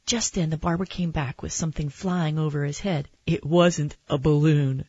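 Brief: woman storyteller, low-pitched and unhurried, dry close sound. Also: fairly even intonation, warm tone, husky, no room sound, highs cut off. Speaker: storybook reader. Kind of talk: reading a picture book aloud.

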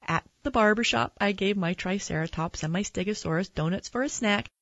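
A woman reading a children's picture book aloud in a gentle, expressive storytelling manner. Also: medium pitch, fairly quick, no echo, highs cut off. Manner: gentle, expressive read-aloud with character voices.

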